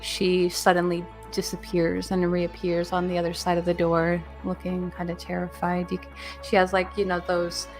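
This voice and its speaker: A woman narrating a tabletop game as game master, recapping the last session in a relaxed way with plenty of fillers. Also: fairly low pitch, normal speed, faint music behind.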